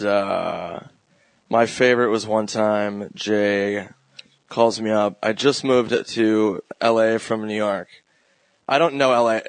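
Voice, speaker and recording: A man's voice: fairly low pitch, no echo. A man guesting on a comedy podcast, telling loose rambling stories and laughing often. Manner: laid-back, laughing, rambling anecdotes. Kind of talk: casual storytelling chat.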